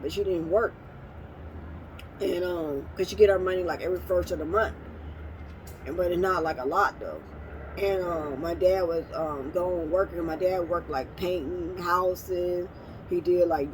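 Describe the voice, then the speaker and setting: A woman's voice: lowish voice, a little mellow, slight background noise, poor audio. A woman vlogger talking casually to the camera, rambling through an emotional family story with many fillers and restarts.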